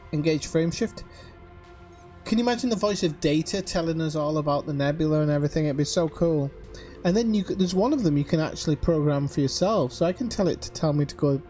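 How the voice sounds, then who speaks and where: A man's voice: on the high side, warm tone. A man chatting casually to his viewers while streaming a video game. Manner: chatty, talks straight to viewers. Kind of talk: casual live-stream chat while playing.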